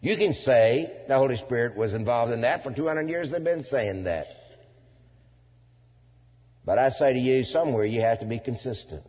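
A man preaching a sermon to a congregation, swinging from loud declaiming to low asides, with folksy turns of phrase. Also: animated, moderate pace, long pauses, slightly rough. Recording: dull lo-fi sound in a reverberant hall.

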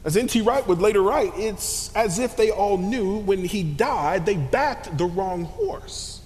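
A man preaching a sermon, moving from hushed near-whispers to shouts, with slangy conversational asides. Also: expressive, measured pace. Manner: dynamic, swings from hushed to shouting. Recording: long hall reverb, faint rumble.

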